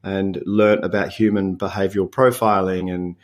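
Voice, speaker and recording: A deep-voiced Australian man in his fifties chats as a podcast guest in a casual interview. He sounds relaxed and reflective, chuckling often and restarting his sentences haltingly.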